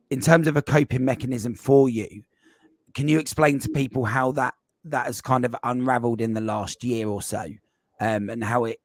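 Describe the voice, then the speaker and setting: A man hosting a podcast, asking questions gently and hesitantly with many fillers. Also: mid-range voice, no room sound. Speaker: podcast host and coach. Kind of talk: interview chat.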